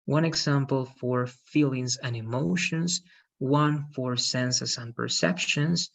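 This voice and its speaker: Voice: medium pitch, creaky, muffled recording. An English teacher running an online lesson, patiently correcting students' pronunciation. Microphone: video call.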